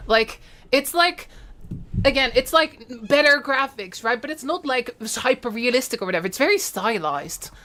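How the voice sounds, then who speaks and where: Young woman streamer freaking out, high voice swinging all over, some music underneath. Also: moderate pace, a little hiss or hum. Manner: excitable, gushing, exclaiming and swearing. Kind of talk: live reaction stream.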